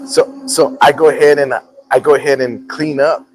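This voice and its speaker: On a low-quality recording, a middle-aged man with a medium-pitched voice and moderate pace hosts a casual talk show. He tells a story animatedly, laughing while he performs the quotes.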